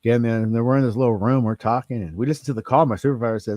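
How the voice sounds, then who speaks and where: A man's voice: mid-range voice, racing, hardly any pauses, no room sound. A man telling rambling, profane stories in casual chat on a livestream. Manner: profane, animated storyteller.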